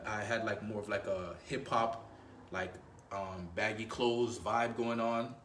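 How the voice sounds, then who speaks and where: A man's voice: mid-range voice, fairly bright tone. A man giving dating advice as a coach, talking loosely and profanely, full of "you know" and "right?". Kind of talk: casual talking-head coaching. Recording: echoey room.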